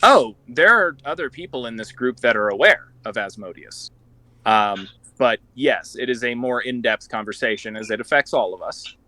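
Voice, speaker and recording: A young adult man playing a tabletop game, speaking in character in a formal, measured way. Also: mid-range voice, animated, sharp tone, no room sound, poor audio. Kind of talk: in-character tabletop role-play.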